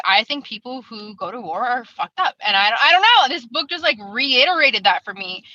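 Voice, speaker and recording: Woman, higher voice, bright and sharp, blunt casual talker, lo-fi call audio. Book club member. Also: no echo. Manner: blunt, casual, many fillers and restarts. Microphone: video call.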